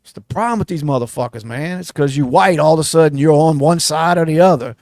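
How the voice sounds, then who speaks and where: A man's voice: on the high side, fast talker, darkish tone, no room sound, studio quality. A man on a live podcast, ranting heatedly and swearing constantly. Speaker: podcast co-host. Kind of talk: casual live podcast rant. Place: phone call from a theme park.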